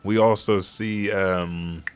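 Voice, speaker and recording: Deep-voiced man reading a comic live. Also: fairly even intonation, slow pace, clean tone. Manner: swears freely, reads lines aloud between asides. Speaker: host reading and reacting to a comic chapter. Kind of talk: casual live reaction reading.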